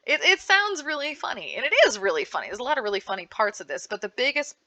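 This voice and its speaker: Woman, bright clear voice, lively and animated, panel talk recommending comics. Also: on the high side, fast talker. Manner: lively, animated, frequent restarts and laughs. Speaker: librarian giving a book panel. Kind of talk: enthusiastic book recommendation talk.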